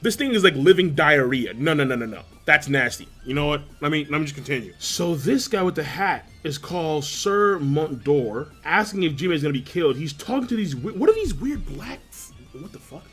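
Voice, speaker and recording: A young man hosting a live manga reaction, reading panels aloud and reacting with crude jokes and loud exclamations. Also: on the high side, animated, a little fast, few pauses, slightly rough, faint music behind.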